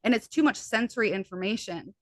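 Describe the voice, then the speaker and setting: A middle-aged American woman speaks quickly and earnestly as an interview guest, her words tumbling out one after another. Her voice sits at an ordinary pitch for a woman. The recording is close and dry, with almost no room sound. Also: no echo. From USA. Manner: fast-talking, earnest. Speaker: hypnotherapist guest. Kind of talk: conversational interview.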